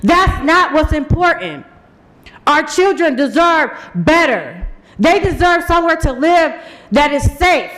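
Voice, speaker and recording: A man giving a forceful, accusing public comment at a city meeting, hammering his points in short repeated phrases. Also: extremely high pitch, rough recording. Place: city commission chambers.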